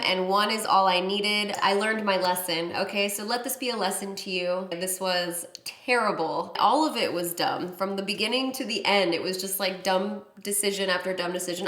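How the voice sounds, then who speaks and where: A woman recounts a story to her viewers in a loose, chatty way, filling her sentences with "like". Her voice sits in a middle register, and the room around her rings with a noticeable echo. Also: mid-range voice. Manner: chatty, expressive storytelling with frequent "like". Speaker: beauty vlogger telling a story. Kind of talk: casual story-time vlog. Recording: echoey room.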